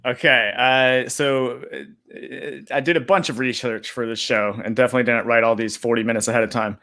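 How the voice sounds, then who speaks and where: A man's voice: mid-range voice, steady tone, normal speed, sharp tone. A man telling a rambling, self-mocking joke as a contestant on a video call and laughing at his own lines. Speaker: comedian contestant. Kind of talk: stand-up style joke telling.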